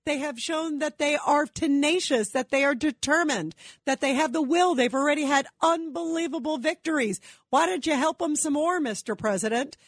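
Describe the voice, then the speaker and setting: A woman's voice: high-pitched, no echo, studio quality. A woman hosting call-in talk radio, firing off indignant rhetorical questions in a political monologue. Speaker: radio talk show host.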